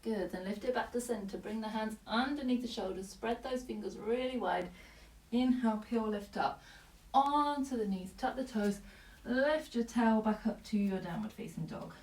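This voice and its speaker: A woman yoga teacher guiding a class with calm, breath-paced cues and short commands, slightly out of breath. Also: on the high side, moderate pace. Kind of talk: guided yoga class instruction. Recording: echoey room, voice from a distance.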